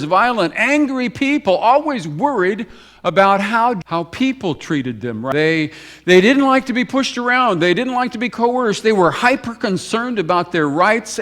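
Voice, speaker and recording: Impassioned male preacher, slightly high voice. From United States. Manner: storytelling preacher, swings between brisk emphatic runs and slow hushed phrases; repeats words for emphasis, addresses the congregation directly. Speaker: pastor. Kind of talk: sermon. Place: church sanctuary.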